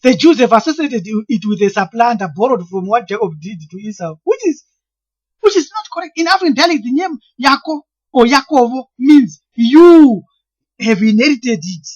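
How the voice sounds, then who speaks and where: Woman w/ a background, husky and a bit high, explaining slowly, keeps restarting words. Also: lively intonation, a little mellow, dull audio. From Zimbabwe. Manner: earnest, deliberate, often stalls and restarts words. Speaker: lecturer on name meanings. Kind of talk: explanatory monologue.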